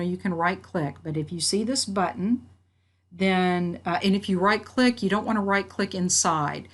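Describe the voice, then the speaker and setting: A woman instructor walking through a software tutorial, reading out each step and checking her work as she goes. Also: medium pitch. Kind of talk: screen-recorded software tutorial. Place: at a computer.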